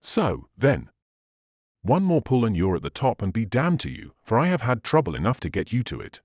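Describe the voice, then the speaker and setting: A man voicing a gruff, grumbling coachman who curses his horses. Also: medium pitch, wildly swooping pitch, normal speed, a little mellow, no room sound, clean studio sound. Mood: vexed. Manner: grumbling, cursing. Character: vexed gruff male coachman on a mail coach.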